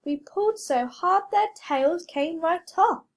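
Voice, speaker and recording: A woman's voice: very high voice, lively intonation, slow, voice pushed up, exaggerated voice. A woman voicing a sly, cheeky male rabbit trickster in a storybook reading, eager and innocent-sounding. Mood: mock surprise.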